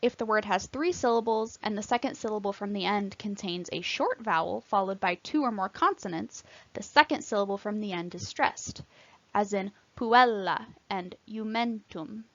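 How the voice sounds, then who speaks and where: A woman's voice: medium pitch, lively intonation, a bit bright, no echo, dull audio. Latin teacher woman, careful enunciation. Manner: clear, careful, deliberate enunciation of example words. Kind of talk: scripted instructional narration.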